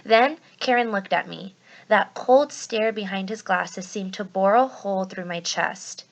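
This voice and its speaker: Expressive woman teacher reading aloud. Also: mid-range voice, measured pace, vocal fry. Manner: expressive, acting out the first-person narrator. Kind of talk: read-aloud storybook narration.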